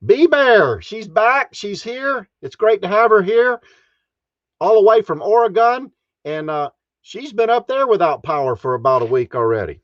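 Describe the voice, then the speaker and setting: A man's voice: high-pitched, big pitch swings, moderate pace, no room sound, dull audio. A man hosting a casual live stream from his RV, folksy and chuckling often as he greets viewers. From Texas.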